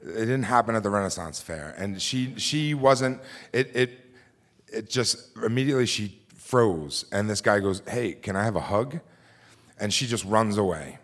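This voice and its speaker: Low-voiced man telling a live story. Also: lively intonation, moderate pace, a bit bright. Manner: conversational with frequent fillers and restarts. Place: theater stage before a live audience.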